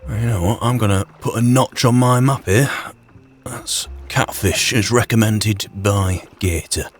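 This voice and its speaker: A man's voice: on the low side, measured pace, soft background music, natural voice. A man playing a blunt, teasing, suspicious frontier fisherman. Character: gruff cagey frontier man who fishes.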